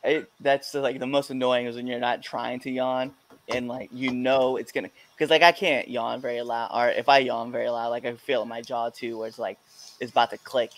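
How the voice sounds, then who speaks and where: A man's voice: mid-range voice, flat delivery, fairly quick. A man hosting a podcast in casual chat, telling stories with lots of laughter and acting out other people's lines. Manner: laughing storyteller who acts out quotes. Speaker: podcast host.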